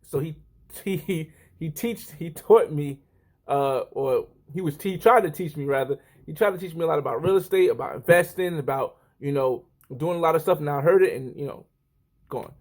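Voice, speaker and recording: A man's voice: fairly high pitch, moderate pace. A man in his thirties talking casually to the camera, rambling and often correcting himself. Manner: rambling, self-correcting, lively. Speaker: vlogger.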